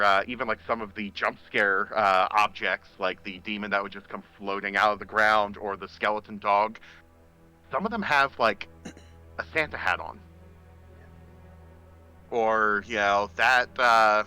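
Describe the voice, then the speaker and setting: Bright-voiced male game master, unhurried. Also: lowish voice, smooth, rough recording. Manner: relaxed, many filler pauses while describing scenes. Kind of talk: narrating a tabletop game. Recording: faint music behind.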